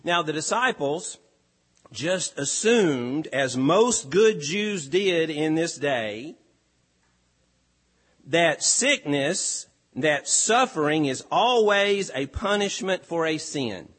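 Preacher, male, measured emphatic delivery, slightly high voice, long hall reverb. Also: animated, a bit bright. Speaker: pastor. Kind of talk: sermon.

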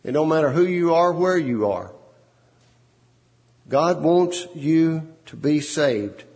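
A man's voice: a little high, lively intonation, takes it slowly, darkish tone. A man preaching a sermon, repeating words and phrases for emphasis. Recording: long hall reverb.

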